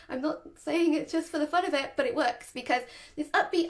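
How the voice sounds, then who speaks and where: A woman's voice: sits high, brisk. A woman, a dog trainer, giving a chatty, casual lesson and often laughing. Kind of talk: casual instructional talk.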